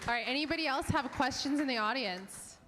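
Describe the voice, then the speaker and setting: A woman's voice: sits high, lively intonation, fairly quick, a bit bright, a faint crowd, a little hiss or hum. Upbeat woman hosting in a hall. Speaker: event host. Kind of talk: live event hosting. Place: event space with an audience. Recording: long hall reverb.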